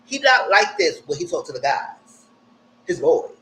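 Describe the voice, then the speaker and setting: A man giving a blunt, slangy live recap of a TV show, jumping up high in pitch when he quotes people. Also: unhurried, slight background noise, rough recording. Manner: animated, jumps high when quoting people. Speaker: TV recap streamer. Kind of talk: live casual TV recap commentary.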